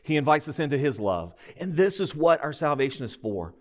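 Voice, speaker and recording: Man preaching with a lively, higher voice. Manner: emphatic, measured preaching with rhetorical questions. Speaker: pastor. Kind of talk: sermon.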